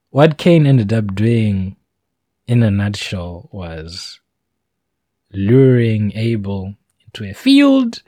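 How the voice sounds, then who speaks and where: A man's voice: fairly low pitch, a little mellow, no echo, clean studio sound. A man giving a casual, meandering monologue with informal asides. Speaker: solo talker.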